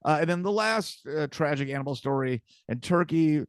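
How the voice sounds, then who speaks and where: A man hosting a podcast, telling stories in casual chat, halting and repeating words as he goes. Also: on the high side, animated, clear, resonant tone, no echo, studio quality. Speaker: podcast host.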